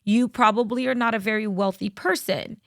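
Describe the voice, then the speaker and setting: A woman's voice: fairly high pitch, steady tone, a little fast, dry recording, studio quality. A woman talking straight to viewers in a blunt, lecturing opinion commentary.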